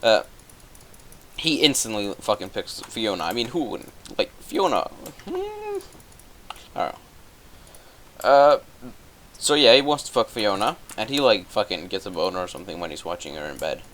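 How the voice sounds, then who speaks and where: A man's voice: lowish voice, huge pitch swings, normal speed, long pauses, a bit bright, slight background noise. A young man casually retelling a film plot while gaming, swearing constantly and stumbling over fillers. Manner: profane, offhand, hesitant with many fillers. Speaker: gameplay commentator.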